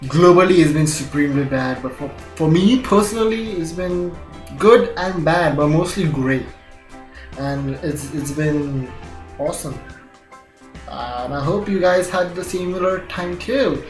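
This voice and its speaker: A man's voice: on the high side, unhurried. A young man from India, vlogging casually about his week, laughing often and swearing freely in a loose, rambling way. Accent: Indian English with British-leaning vowels. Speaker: gaming channel vlogger. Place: home room, recording near a window. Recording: echoey room with faint music.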